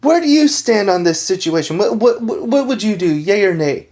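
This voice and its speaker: A woman's voice: medium pitch, normal speed. Giggly woman retelling an anime episode. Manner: giggly, animated retelling of scenes. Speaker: podcast co-host. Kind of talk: casual chat.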